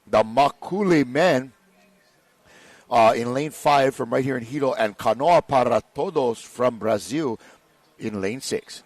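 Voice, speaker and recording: A man's voice: mid-range voice, no echo. A man doing live race commentary in a joking, laid-back way. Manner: joking, laid-back, calls people bro.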